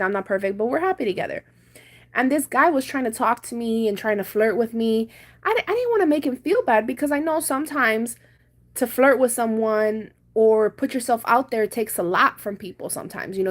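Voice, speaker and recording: A young woman hosting a casual live chat from home, talking animatedly and acting out loud comebacks as she tells stories. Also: on the high side. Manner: chatty, animated storytelling with loud reenacted comebacks. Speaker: livestream host. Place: home, doing chores.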